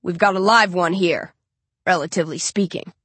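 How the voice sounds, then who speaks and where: A woman's voice: fairly low pitch, moderate pace, fairly bright tone, breathy edge, no room sound. American accent, drawling, commanding male hunter, as voiced by a woman, dry close sound.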